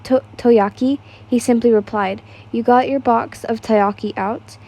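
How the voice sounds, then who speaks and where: A woman's voice: on the high side, steady tone, a little slow, dark tone. A young woman casually reading fan fiction aloud, stumbling over words and laughing at the text.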